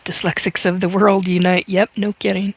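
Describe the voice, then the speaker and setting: A woman's voice: medium pitch, flat delivery, normal speed, gravelly, breathy edge. A woman in her fifties hosting a casual livestream, chatty and reading viewer comments aloud with many fillers. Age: 50s. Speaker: livestream host reading chat. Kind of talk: casual live chat.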